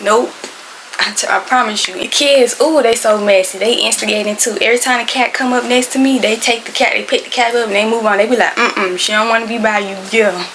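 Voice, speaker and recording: A young adult woman telling a storytime tale in casual slangy speech, loud and animated, acting out what people said. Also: a little high, a little fast, a little hiss or hum, poor audio. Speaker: storytime vlogger.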